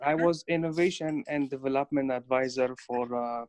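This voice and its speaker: A man's voice: mid-range voice, moderate pace, a little mellow, no room sound. A man from Afghanistan introducing himself on a video call, hesitant with many fillers. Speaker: youth delegate.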